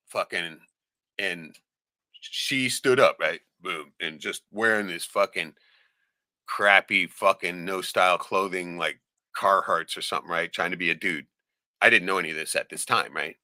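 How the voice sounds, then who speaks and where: A man's voice: low-pitched, measured pace, dry recording. A man hosting a podcast who tells a story in casual, profane chat, keeps asking "right?" and acts out the voices of the people in it. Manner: acts out quoted voices, shouting them. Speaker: podcast host.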